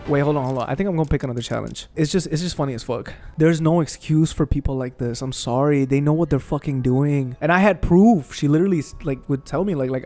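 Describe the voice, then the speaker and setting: Young man ranting profanely, higher voice. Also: quick pace, hardly any pauses, dark tone, soft background music. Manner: profane, heated venting. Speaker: gaming video creator. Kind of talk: casual rant while playing a video game.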